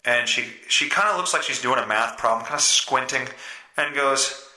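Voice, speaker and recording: Man, podcast host, sharp bright voice, crude self-mocking stories, echoey room. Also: mid-range voice, moderate pace. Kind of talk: casual solo storytelling. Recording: roomy echo.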